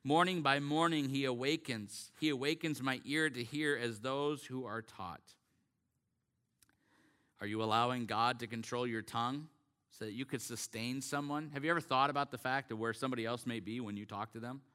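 A male pastor delivers a sermon with an earnest, emphatic manner. His voice is bright and forceful, sitting at an ordinary middle pitch. He draws out the scripture readings slowly for weight. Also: clear, resonant tone.

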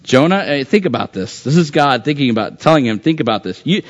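A man's voice: a little high, animated, fast, hardly any pauses. Man preaching conversationally, lo-fi sound. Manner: conversational preaching, acts out voices of the text. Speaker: pastor. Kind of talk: sermon. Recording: dull lo-fi sound.

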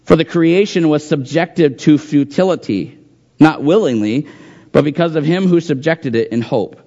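Earnest preacher man, somewhat high voice. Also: normal speed, mellow, highs cut off. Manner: earnest preaching, reads scripture aloud, repeats phrases for emphasis. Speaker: pastor. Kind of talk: sermon.

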